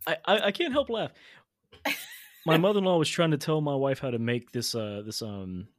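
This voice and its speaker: A man hosting a podcast, talking in a reflective, earnest way with halting restarts. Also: on the high side, expressive, dry recording, studio quality. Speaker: podcast host. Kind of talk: casual interview chat.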